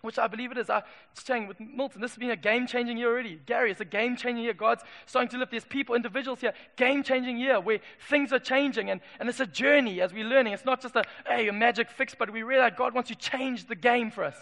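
A man preaches in a church with a high, gravelly voice. His delivery lurches from loud emphatic declarations to hushed asides. His voice rings with a bright edge and carries long hall reverb. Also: fairly even intonation, fast talker, few pauses. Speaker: pastor. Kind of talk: sermon.

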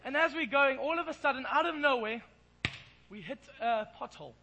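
A man's voice: very high-pitched, brisk, vocal fry, sharp tone, lo-fi sound, a little hiss or hum. An Englishman preaching in church, telling a self-deprecating, playful story. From England. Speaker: pastor. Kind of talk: sermon with humorous storytelling.

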